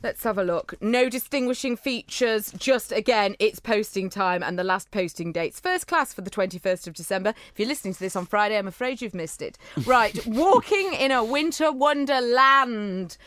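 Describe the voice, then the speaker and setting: A woman's voice: medium pitch, a little fast, hardly any pauses. A playful, giggly woman, co-hosting a casual podcast chat. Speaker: podcast co-host.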